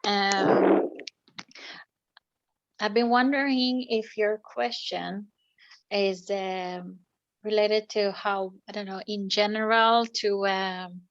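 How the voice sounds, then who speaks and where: A woman's voice: medium pitch, fairly even intonation, takes it slowly, long pauses, lo-fi sound. A woman moderating a panel, asking follow-up questions in a hesitant, polite way.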